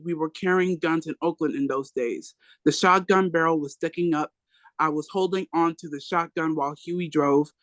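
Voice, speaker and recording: A book club reader works through a memoir aloud at a plain, steady pace, pausing now and then to fix a slipped word. The voice sits in an ordinary middle pitch. The sound is dry and close, with no room around it. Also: dry recording, rough recording. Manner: plain steady reading with occasional self-corrections.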